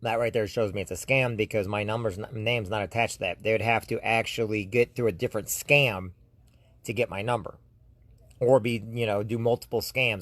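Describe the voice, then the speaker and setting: A man's voice: lowish voice, fairly bright tone, dry recording. A man from the United States, hosting his own channel, rambling through a casual monologue with frequent restarts and speaking straight to his viewers. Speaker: YouTube host.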